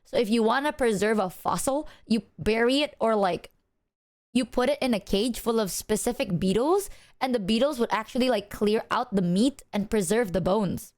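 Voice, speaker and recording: A woman's voice: fairly high pitch, normal speed, a little mellow. A woman livestreamer chatting casually, telling stories animatedly, acting out both sides of conversations and swearing freely. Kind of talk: casual chat.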